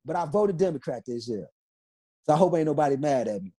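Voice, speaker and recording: Husky-voiced man, emphatic and insistent. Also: on the high side, expressive, fast, warm tone. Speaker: interview guest. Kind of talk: emotional interview testimony.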